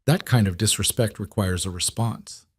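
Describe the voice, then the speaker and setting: A man reading a smooth menacing mobster. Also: on the low side, moderate pace, no echo. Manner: menacing, falsely friendly. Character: cold threatening mobster man. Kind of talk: audiobook character reading.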